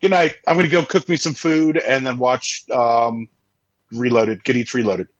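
A man's voice: mid-range voice, fairly even intonation, moderate pace, dry recording, lo-fi sound. Man podcast co-host, blunt and teasing, dry home sound. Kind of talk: casual chat. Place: home, recording remotely.

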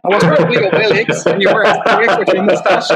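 A man's voice: sits high, fast, a loud crowd. A man hosting a podcast chat, prompting his guests enthusiastically with questions. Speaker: podcast host. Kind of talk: casual chat.

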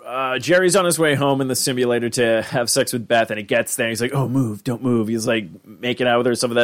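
A young man hosting a podcast, rambling through an episode recap with lots of "like" and "uh", and jumping into a high voice to act out characters' lines. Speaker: podcast host.

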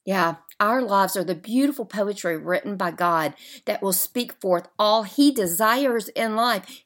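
A woman hosts a faith podcast and speaks in an unhurried, drawn-out way. She leans on key words with heartfelt emphasis. Now and then she lets her voice sink into soft, murmured asides. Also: fairly high pitch. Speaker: podcast host.

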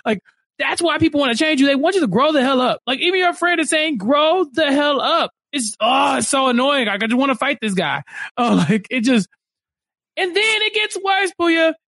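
A man's voice: very high-pitched, lively intonation, brisk, creaky, bright, forceful tone, dry recording, clean studio sound. A man co-hosting a podcast, ranting in an exasperated, exclamatory way during a casual reality-show recap over a video call. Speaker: podcast co-host.

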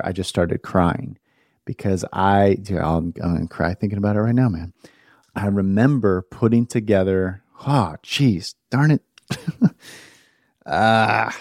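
Brief: male pastor in his thirties, podcast host, lowish warm voice, easygoing bro-talk, heartfelt. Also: no echo, clean studio sound. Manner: laid-back, peppered with "bro", "man" and "dude"; heartfelt and earnest. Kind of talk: casual podcast talk to men.

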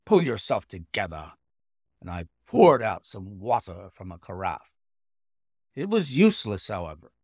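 A man reading a classic story aloud in expressive, dramatic narration. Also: mid-range voice, gravelly, dry recording, studio quality. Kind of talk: scripted audiobook narration.

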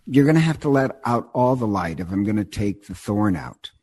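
A man's voice: fairly low pitch, animated, moderate pace, mellow. A man voicing a sly, scheming male raven trickster who fakes concern in a wheedling tone.

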